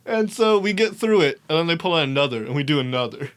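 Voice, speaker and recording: Animated young man telling a story. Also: on the high side, fast, clear, resonant tone. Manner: animated, swearing, laughs while telling a story. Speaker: podcast host. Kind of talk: casual storytelling.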